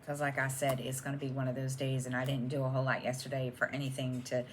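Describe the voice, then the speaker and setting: A woman's voice: extremely low pitch, little pitch movement, quick pace, slight background noise. A middle-aged woman chatting casually at home as host of her own stitching channel, rambling with many ums and restarts. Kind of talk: casual chat to camera.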